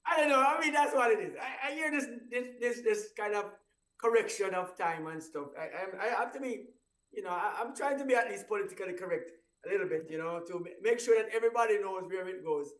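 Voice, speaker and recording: A man's voice: high voice, quick pace, a bit bright. A man hosting a breakfast radio show in casual chat, rambling and restarting his sentences and chuckling at his own stories. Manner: rambling, stumbling restarts, laughing at own story. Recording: roomy echo, voice far from mic.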